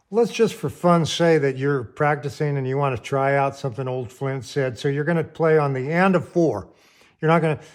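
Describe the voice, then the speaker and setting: A man teaching piano, explaining rhythm plainly and counting beats aloud. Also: a little high. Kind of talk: piano lesson, counting aloud while playing. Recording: piano underneath the voice. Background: piano playing.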